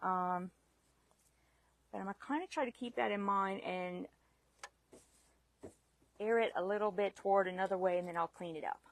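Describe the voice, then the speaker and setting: Chatty woman with a gravelly edge. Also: medium pitch, moderate pace, long pauses. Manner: chatty, self-deprecating, laughs at herself. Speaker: sewing instructor. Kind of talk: live sewing demonstration.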